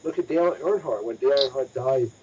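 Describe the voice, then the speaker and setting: A man's voice: mid-range voice, brisk, noisy background. A man hosting a motorsports podcast, talking casually and emphatically and repeating points for stress. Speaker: motorsports news podcast host. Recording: dull lo-fi audio.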